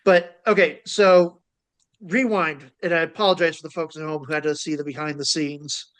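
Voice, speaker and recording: A man co-hosting a casual podcast, animated and wisecracking. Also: fairly high pitch, moderate pace, clear, resonant tone. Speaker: podcast co-host. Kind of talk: casual chat.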